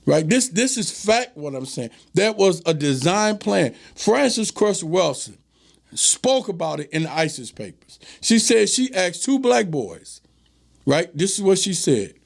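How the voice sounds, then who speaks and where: A man's voice: high-pitched, very animated, measured pace, gravelly. A man hosting his own talk show, giving an emphatic commentary monologue and repeating phrases for stress. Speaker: show host. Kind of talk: direct-to-camera commentary monologue.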